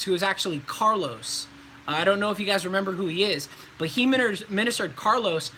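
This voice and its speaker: A man's voice: high-pitched, sharp tone, slight background noise, low-quality recording. A man in his twenties, a voice actor, chatting casually on a live stream and answering viewer questions in a laid-back way.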